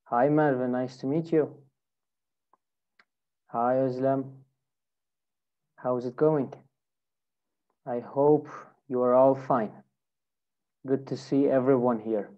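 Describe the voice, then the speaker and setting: A woman with a low, mellow voice teaches English in a live online class, greeting each student by name in a friendly manner. She speaks slowly, and the sound comes through a computer mic, a bit dull and lo-fi. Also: steady tone.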